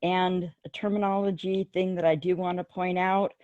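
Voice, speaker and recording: A woman with a lower, mellow voice presents a webinar, walking through points in an orderly, explanatory manner. Her audio is dull and lo-fi, as on a video call. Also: little pitch movement, moderate pace, no echo.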